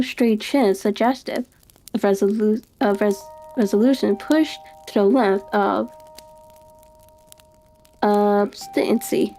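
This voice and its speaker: A woman giving a live reading of a classic detective story, unhurried, with small restarts and fillers. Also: a little high, warm tone. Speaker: narrator reading aloud.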